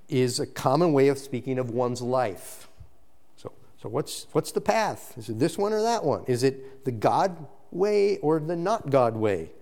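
A man preaching a sermon as pastor, earnest and emphatic, often restarting phrases and breaking into quick asides. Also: fairly high pitch, darkish tone.

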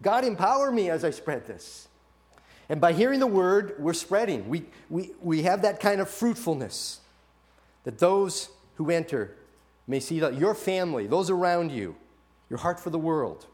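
A man preaching a sermon, animated, acting out quoted voices and often restarting his sentences. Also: on the high side, normal speed. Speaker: pastor.

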